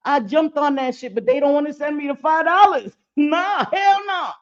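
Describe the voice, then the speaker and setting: High-voiced, profane middle-aged woman streaming. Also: moderate pace, highs cut off. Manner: blunt and profane, laughing often. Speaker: livestream host. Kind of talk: casual live-stream chat.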